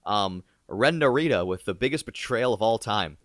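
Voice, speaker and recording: A man co-hosting a podcast, chatting casually with jokey, rambling asides and theatrical pauses. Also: lowish voice, expressive, a bit bright, no echo, studio quality. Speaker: podcast co-host.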